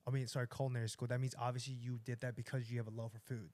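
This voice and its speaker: Host, man, fast chatty questions, mid-pitched. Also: little pitch movement, darkish tone, no echo. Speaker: podcast host. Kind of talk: casual interview chat.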